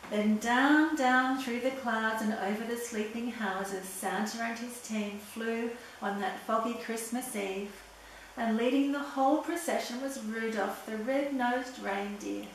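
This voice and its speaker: A woman with a fairly high voice reads a children's storybook aloud, gentle and expressive. She sounds far from the mic in a very echoey room, with a faint hiss behind her. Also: unhurried.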